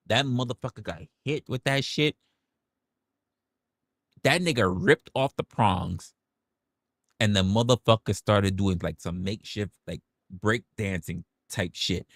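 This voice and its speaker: A man's voice: lowish voice, fairly bright tone, dry recording, studio quality. A man hosting a livestream, talking in a casual rant full of rhetorical questions, profanity and stammered restarts. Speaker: livestream host.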